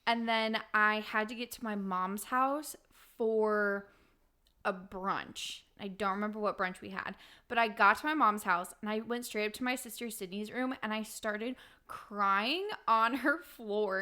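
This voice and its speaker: Bright-voiced woman telling candid stories. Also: medium pitch, measured pace, smooth. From Wisconsin. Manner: laughing, candid storytelling. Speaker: podcast co-host. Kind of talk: casual chat.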